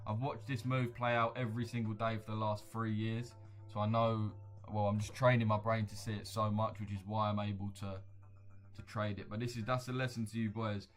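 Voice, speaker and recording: Low-voiced man trading live. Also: little pitch movement, a little fast. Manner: slangy, chatty, addresses viewers directly. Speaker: livestream trader. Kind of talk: casual live trading commentary.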